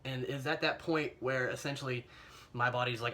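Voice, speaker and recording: A young man with an American accent recounts a mishap in a loose storytime monologue. His voice sits at an ordinary middle pitch, and he rambles along with plenty of "like" and "you know". He mocks himself and breaks into chuckles, all captured on a phone camera. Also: fairly even intonation, normal speed, sharp tone. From United States. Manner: rambling and self-mocking, full of fillers and chuckles. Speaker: vlogger telling a personal story.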